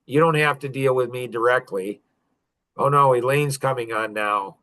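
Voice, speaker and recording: A man's voice: medium pitch, normal speed, pushed and bright. A man in his fifties telling stories on a podcast in a casual, joking and boastful way, laughing often. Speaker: podcast guest. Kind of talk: casual storytelling.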